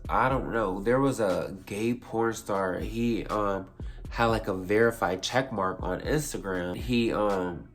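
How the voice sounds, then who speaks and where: A young man with a slightly low voice tells a story to camera in a loose, chatty way. He swears freely, backtracks and restarts his sentences as he goes. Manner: rambling, profane, self-correcting. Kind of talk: casual storytime vlog.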